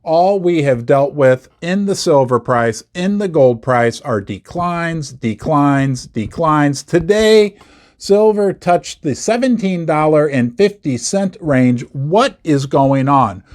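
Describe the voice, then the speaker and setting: A man with a somewhat high, very lively voice who talks slowly and deliberately. He hammers his points by repeating words and slips in sarcastic asides, in the manner of a market commentary host. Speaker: investment video host. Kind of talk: scripted commentary to camera.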